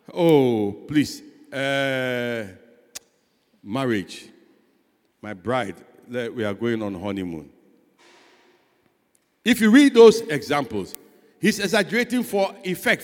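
A man, a pastor preaching a sermon, swinging between loud and soft and asking rhetorical questions. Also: fairly high pitch. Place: church hall. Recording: long church hall reverb.

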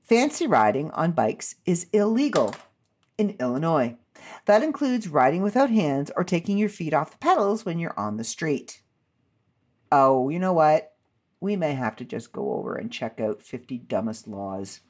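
A woman hosts a casual chat, reading out strange laws and breaking off into amused asides. Her voice swings widely in pitch as she goes. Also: sing-song, normal speed, a little mellow. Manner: chatty, amused, self-interrupting asides. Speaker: host.

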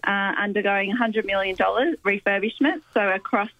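A woman's voice: mid-range voice, a little fast, dry recording, dull audio. A woman from a cruise line, promoting a refitted ship in a cheerful radio interview. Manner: upbeat, promotional.

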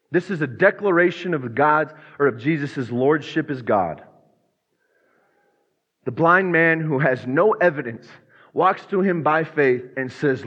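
A man's voice: on the high side, fairly bright tone, slightly rough. A man preaching a sermon as pastor, earnest, now and then acting out quoted voices. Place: church sanctuary. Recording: muffled sound with long church reverb.

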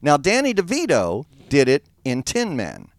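A man's voice: a little high, huge pitch swings, normal speed, dry recording. A man with a Baltimore accent, a guest on a radio show, telling jokes and stories. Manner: jokey storyteller, plays with vowels. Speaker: studio guest, comic singer. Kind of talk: radio studio chat.

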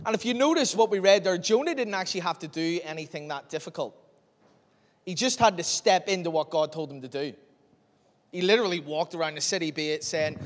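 A man preaching a sermon, telling a Bible story in a lively way and acting out its scenes. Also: a little high, moderate pace. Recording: long reverb of a large hall.

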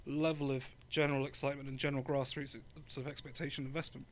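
A man's voice: mid-range voice, level tone, fast talker. A man from England with an English accent, co-hosting a podcast in casual chat, chatty with lots of ums and easy laughs. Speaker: podcast co-host.

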